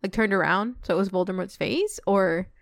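A woman in casual chat, curiously asking questions and thinking out loud. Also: mid-range voice, normal speed, vocal fry, no echo, clean studio sound.

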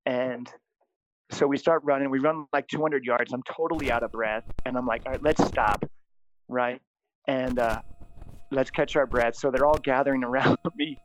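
A middle-aged priest telling a funny story in conversation, animated and laughing often. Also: male voice, mid-range voice, normal speed, a little hiss or hum. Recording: dull, dry lo-fi sound.

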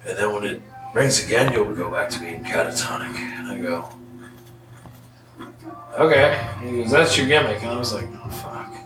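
A man's voice: on the low side, moderate pace, long pauses, far from the mic. Profane storytelling man, roomy and off-mic. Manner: profane, animated storyteller acting out quotes. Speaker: podcast guest. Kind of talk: casual storytelling. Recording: roomy echo, off-mic, music bed.

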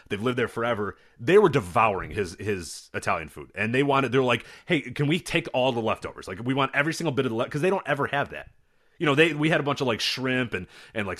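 A man co-hosting a podcast in casual chat, telling stories with animated delivery and acting out the people in them. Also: mid-range voice. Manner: animated storyteller, acts out voices in anecdotes. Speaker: podcast co-host.

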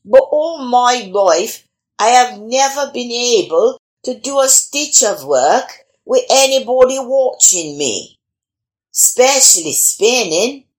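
A sly young country girl, cheeky and pleading, her voice pitched up high and bouncing all over , as a woman reads her part. She talks slowly and makes a show of every complaint, like a storybook scamp. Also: a bit bright.

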